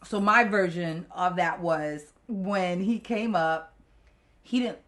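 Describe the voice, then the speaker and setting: A woman's voice: on the low side, slow pace, a bit bright. A middle-aged woman co-hosting a podcast in casual chat, speaking bluntly and emphatically and laughing often. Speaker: podcast co-host.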